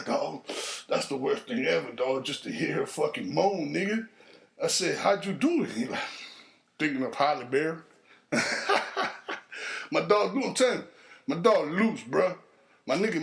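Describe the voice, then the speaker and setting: A podcast host tells a crude street story in a loose, foul-mouthed monologue, shifting into higher voices whenever he quotes someone. His voice has vocal fry and a slightly bright tone.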